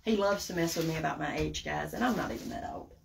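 A woman's voice: deep voice, animated, fast, creaky, slight background noise. A woman with a Southern accent hosting a live craft tutorial, chatting folksily with viewers as she works. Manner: chatty and folksy, addresses viewers as guys and y'all. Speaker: craft tutorial livestream host. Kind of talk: casual live craft demo, reading viewer comments.

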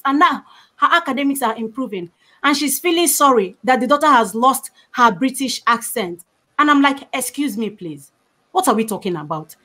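A high-voiced woman from Africa, speaking on an online panel. She talks with emphatic conviction and repeats her main points to drive them home. The sound comes through a video call. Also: pushed and bright. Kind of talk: impassioned panel talk.

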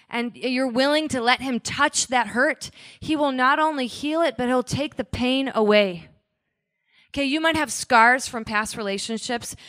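A woman pastor preaching in a relaxed, conversational way. Her voice sits a little high for a woman, and she keeps slipping into small acted-out quotes and asides. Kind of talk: sermon.

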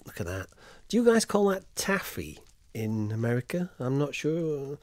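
A man's voice: medium pitch, big pitch swings, normal speed, a little mellow, no room sound. A man, casually chatting with his chat while streaming a game. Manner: chatty, reads and answers chat.

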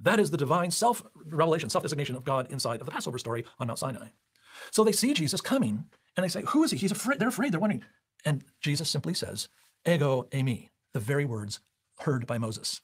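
A man's voice: on the high side, sing-song, quick pace, breathy edge. A man teaching a Bible study lecture, explaining step by step and asking rhetorical questions.

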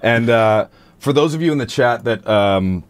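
Rambling man with a lively voice. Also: normal speed. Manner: rambling, playful, drops into silly high demo voices. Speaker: singer and stream host. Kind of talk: casual livestream chat about singing technique.

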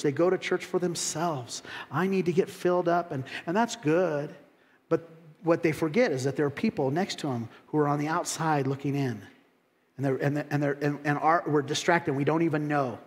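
A man preaching with a high voice, telling the story casually and restarting his phrases. The sermon echoes with a long reverb, as in a large hall or church. His delivery is relaxed and informal. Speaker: pastor.

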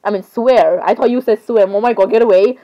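A young woman vlogger chats casually while browsing on screen, her mid-range voice running a little fast. She rambles, giggles, and keeps interrupting herself, and the audio sounds dull.

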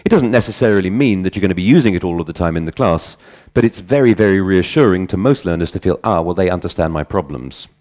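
A man's voice: sits low, animated, fast talker, few pauses, darkish tone. A middle-aged man speaking at a conference on language teaching, in a conversational way, telling anecdotes and correcting himself as he goes. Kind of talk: conference talk.

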